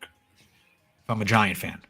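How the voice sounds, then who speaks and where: A man co-hosting a sports podcast, chatting casually and excitably about football with slang like "yo" and "bro". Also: on the low side, slow, breathy edge, soft background music.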